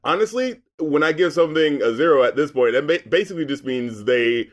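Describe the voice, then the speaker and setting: A man co-hosting an album review show in casual chat, animated and joking, swearing and laughing a lot. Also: on the high side, fairly quick, lo-fi sound.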